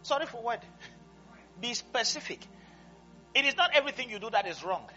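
A male pastor preaching a sermon, swinging between loud exclamations and quiet conversational asides, laughing often. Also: very high voice, big pitch swings, moderate pace, highs cut off, faint music behind. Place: church service.

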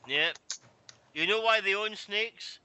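A man's voice: high voice, slow, bright, forceful tone, slight background noise. A man in casual chat, telling stories and ranting with a lot of swearing. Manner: profane, ranting storyteller.

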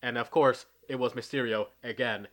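A laid-back man chatting on a podcast as co-host, recapping a movie with plenty of swearing and easy laughter. His voice sits at an ordinary middle pitch for a man, and his talk is loose and unscripted. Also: fairly even intonation, moderate pace, fairly bright tone. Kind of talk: casual chat recapping a film.

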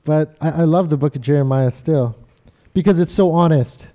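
High-voiced man preaching with animated storytelling. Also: moderate pace. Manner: animated storytelling, quoting others in funny voices, talks directly to the congregation. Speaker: pastor. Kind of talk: sermon.

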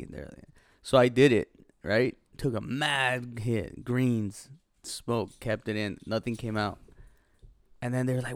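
A young man with a gravelly edge spins an animated, profane anecdote in laid-back podcast talk. His mid-range voice comes through dry and close to the mic. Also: medium pitch, unhurried, no echo. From Los Angeles. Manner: profane, animated storytelling with laughs. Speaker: podcast co-host. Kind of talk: casual chat, storytelling.

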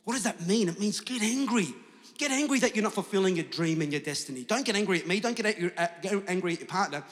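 Man, pastor, high voice, energetic sermon, echoing church hall. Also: fast talker. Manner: energetic, shouting, acting out doubters. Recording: long hall reverb.

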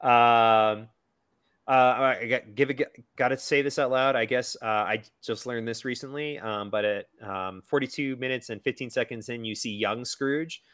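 On a dry recording, a man with a mid-range, slightly bright and clean voice talks at a moderate pace. As a podcast co-host, he chats loosely about a movie, dropping plenty of fillers and playful remarks and mimicking characters in a silly voice.

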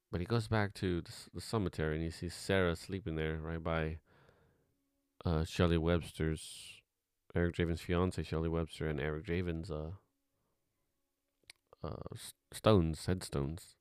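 A man's voice: deep voice, a little slow, vocal fry, pauses often, clear, resonant tone, no echo, studio quality. A man giving a casual, rambling film commentary as host, offhand and swearing now and then.

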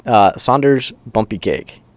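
A man co-hosting a podcast, talking casually and telling animated stories. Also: fairly low pitch, unhurried, dry recording. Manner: chatty, animated storyteller. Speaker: podcast co-host. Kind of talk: casual chat.

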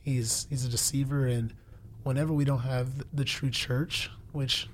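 Speaking at normal speed in a level, medium-pitched voice, this twenty-something guest gives an earnest, preacherly faith testimony in conversation. He repeats phrases to drive points home, and there's slight background noise.

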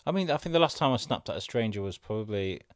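Low-voiced man, reflective podcast chat. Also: lively intonation, fast talker, no echo, studio quality. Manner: reflective, rambling storyteller. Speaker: podcast host. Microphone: studio podcast microphone.

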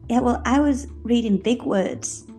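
A woman's voice: a little high, unhurried, mellow, faint music behind. A woman with a British accent co-hosting a casual podcast, playful and self-mocking. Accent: British English. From United Kingdom. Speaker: podcast co-host.

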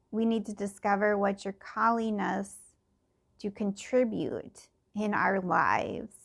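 Slow, rambling woman with gravelly voice. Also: medium pitch. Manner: slow, meandering, with many fillers and restarts. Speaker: podcaster. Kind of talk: casual personal reflection.

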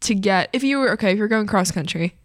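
A young woman chatting casually at a middle pitch, often asking questions and sounding skeptical. She leans heavily on "like." The recording is dry and close, with no room sound. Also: expressive, fast, no room sound. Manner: asks questions, skeptical, lots of "like". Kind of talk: casual chat.

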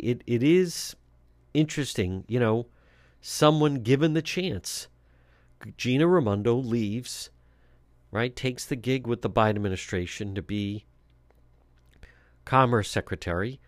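A man's voice: on the low side, darkish tone, dry recording. A man hosting talk radio, giving blunt, scornful political commentary with frequent fillers and restarts.

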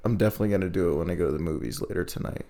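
Gravelly young man telling stories. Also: sits low, very fast, warm tone. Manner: laughing storyteller, filler-heavy. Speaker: podcast co-host. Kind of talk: casual chat.

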